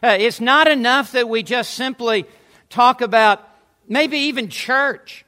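Emphatic preacher, male, high and bright, builds points through repetition with quick joking asides. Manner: emphatic, repeats words for stress, asides with jokes. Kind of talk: sermon.

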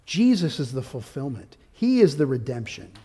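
A man preaching an expository sermon, walking through his outline point by point and rising to forceful, loud peaks of emphasis. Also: mid-range voice, sing-song, normal speed, breathy edge. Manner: outlined teaching with subpoints. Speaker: pastor.

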